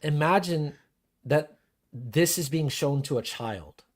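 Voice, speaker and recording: A man hosting a podcast, talking in an animated, profane way and acting out the voices of people he quotes. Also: fairly high pitch, slow. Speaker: podcast host. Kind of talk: casual podcast discussion.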